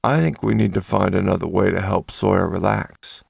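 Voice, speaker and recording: A man voicing a calm, commanding male dom with a low, soothing voice and unhurried authority. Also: gravelly, no room sound, clean studio sound, full character voice. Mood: calm, coaxing.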